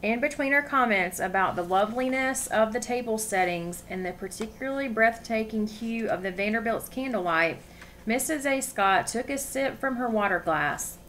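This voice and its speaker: A woman's voice: on the high side, moderate pace, a little hiss or hum. Woman reading a storybook aloud. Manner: expressive reading, asks listeners questions. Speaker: story reader. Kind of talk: reading a novel aloud to listeners.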